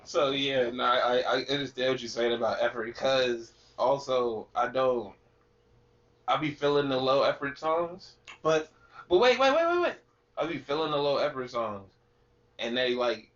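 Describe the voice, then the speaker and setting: A man co-hosting a podcast in casual chat, animated and laughing often. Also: medium pitch, moderate pace, recorded from a distance. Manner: animated, laughing, breaks into shouted sing-along bits. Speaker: podcast co-host. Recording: dull lo-fi sound from off-mic.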